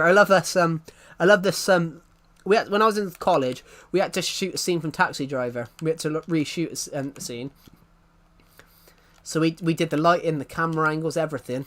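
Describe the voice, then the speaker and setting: A man's voice: a little high, brisk, a bit bright. Rambling, chuckling young man streamer. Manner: rambling and self-deprecating, laughs often and restarts. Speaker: live streamer. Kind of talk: casual live-stream chat.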